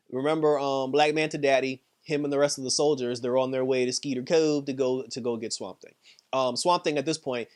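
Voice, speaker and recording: A man recapping a TV episode in a chatty, off-the-cuff way. He laughs often and fills his talk with "like" and "you know." His voice sits at a middle pitch. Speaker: TV show reviewer.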